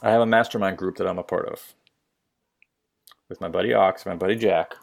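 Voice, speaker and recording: Gravelly low-voiced man telling blunt stories. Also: fairly even intonation, fairly quick. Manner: profane, blunt, acts out quotes. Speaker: podcast co-host, military veteran. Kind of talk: casual podcast storytelling.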